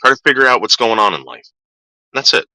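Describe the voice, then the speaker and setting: A man's voice: medium pitch, big pitch swings, a little fast, pushed and bright, dry recording, poor audio. A man vlogging casually, telling a rambling story in a blunt, profane way.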